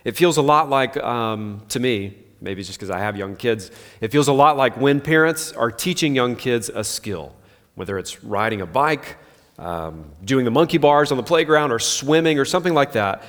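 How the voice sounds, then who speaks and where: A man's voice: medium pitch, moderate pace, a bit bright. A pastor in his thirties giving an earnest, conversational sermon full of rhetorical questions. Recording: long hall reverb.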